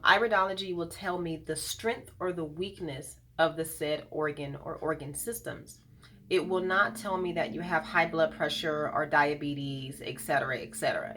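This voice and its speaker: An earnest woman with a slightly low voice gives a heartfelt talk to camera about her wellness practice. She speaks in a thoughtful, personal way and often stops to gather her words with an "um". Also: fairly bright tone. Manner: earnest, thoughtful, pauses with frequent ums. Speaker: iridologist and colon hydrotherapist.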